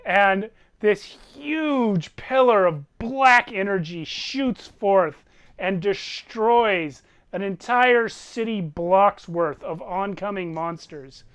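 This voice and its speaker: A man's voice: high-pitched, slow pace, fairly bright tone, smooth. A man who is the game master, narrating a tabletop game with vivid, descriptive storytelling over an online voice call.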